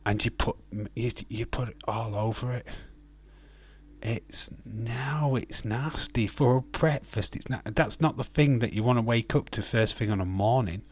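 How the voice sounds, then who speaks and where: This British livestream host has a medium-pitched, husky voice and talks a little slowly. He jokes and rants in a casual back-and-forth with his live chat, laughing as he answers.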